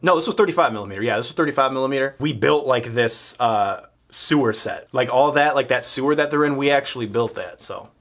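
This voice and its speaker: A man's voice: mid-range voice, fast talker, hardly any pauses, a bit bright. A young man casually commenting on his old student film in a rambling, self-mocking way. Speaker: filmmaker reacting to his old films.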